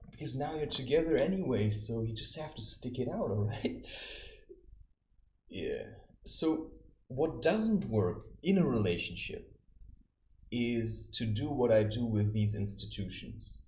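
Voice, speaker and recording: A man's voice: medium pitch, expressive, a little slow, pauses often, a little mellow, slight background noise. A man giving spiritual advice in a casual, rambling monologue, telling anecdotes and acting out the people in them. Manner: rambling, anecdotal, with acted quotes. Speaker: self-styled spiritual adviser. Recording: roomy echo.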